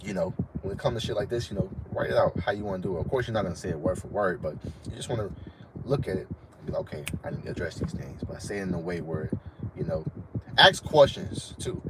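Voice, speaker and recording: A young man from Florida gives casual advice on a live stream. His voice sits low and deep, and he leans on "bro" and repeats himself as he talks. Steady noise runs behind him. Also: fast. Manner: casual, says "bro" constantly, repeats points. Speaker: online fitness trainer.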